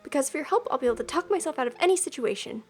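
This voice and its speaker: A woman's voice: sits high, lively intonation, racing, darkish tone. A woman voicing a timid young adventurer in a game, talking eagerly and gratefully. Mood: earnest. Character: timid young adventurer setting off on first quest, nervous but hopeful.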